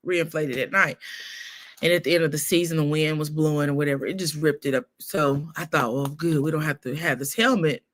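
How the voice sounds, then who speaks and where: A woman hosting a casual gossip livestream, telling stories in a lively way with laughs. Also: low-pitched, a little fast. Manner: animated storytelling with laughs. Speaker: show host.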